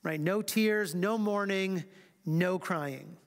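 A man with a high voice teaches a church Bible class. He reads scripture slowly and with weight, then drops into quick, casual asides. His voice rings with the long reverb of a church hall. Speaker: pastor.

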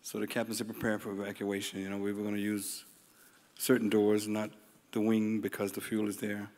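A middle-aged man, a flight attendant, giving an earnest, halting testimony on stage with many fillers. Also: lowish voice, completely flat delivery, darkish tone. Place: large meeting hall. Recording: long hall reverb.

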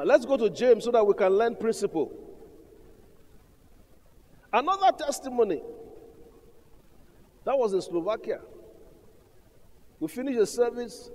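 A man's voice: high voice, lively intonation, normal speed, pauses often, darkish tone. A man preaching a sermon as pastor, emphatic and calling out to the congregation. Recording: long hall reverb.

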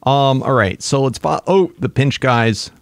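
Excitable gravelly man gaming. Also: mid-range voice, a little slow. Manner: excitable, exclaims at creatures. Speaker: let's play gamer. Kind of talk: casual gaming commentary.

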